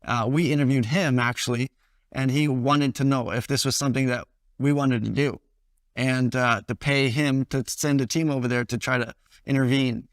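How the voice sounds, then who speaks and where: The son of a hostage reflects plainly, with some hesitations, on his father's kidnapping for a documentary interview. He speaks at normal speed in a mid-range voice with fairly even intonation. Faint music plays under a studio-quality recording with no room sound.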